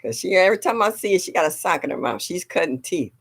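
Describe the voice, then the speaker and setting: A woman's voice: on the low side, big pitch swings, quick pace, gravelly, husky. An older woman hosting a gardening livestream, chatting casually and reading viewer comments aloud. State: a little sore.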